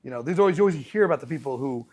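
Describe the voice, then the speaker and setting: A man hosting a podcast as a rabbi, telling stories in a casual, animated way with many restarts. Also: mid-range voice, rapid-fire. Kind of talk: casual conversational storytelling.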